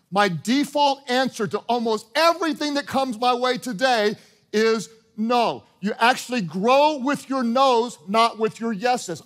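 A man preaching a sermon as pastor, animated, acting out short exchanges and repeating his points. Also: extremely high pitch. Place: church auditorium with congregation.

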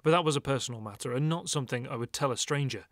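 A man narrating an audiobook in a calm, measured reading. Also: medium pitch, no room sound, studio quality.

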